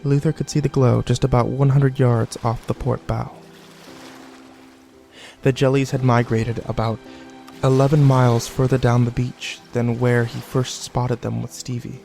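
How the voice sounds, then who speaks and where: Guy reading a novel aloud, gravelly voice, faint music under it. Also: medium pitch, flat delivery, measured pace, mellow. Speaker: narrator. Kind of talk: audiobook narration.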